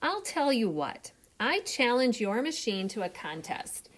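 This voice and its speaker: A woman's voice: a little high, big pitch swings, measured pace. A woman reading aloud, voicing a strong, brave working man who drives steel, in an earnest, determined manner.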